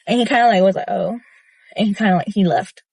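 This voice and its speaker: A woman's voice: mid-range voice, quick pace, gravelly, husky, dry recording. Blunt young woman ranting, dry sound. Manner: blunt, profane, animated retelling with many fillers. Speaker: vlogger. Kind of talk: casual storytelling rant.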